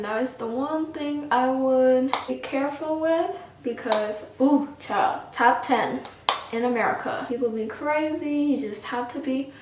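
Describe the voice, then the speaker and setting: A woman's voice: high-pitched, echoey room, distant mic, background noise. A woman chatting casually through a makeup tutorial, sassy and talkative. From Houston, Texas. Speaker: makeup vlogger.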